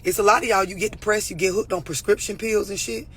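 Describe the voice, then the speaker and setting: A woman's voice: medium pitch, fairly even intonation, fast talker, fairly bright tone, slightly rough. A woman relationship coach talking straight to her viewers, blunt, profane and preachy. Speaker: relationship and mental health coach. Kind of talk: unscripted talk to camera.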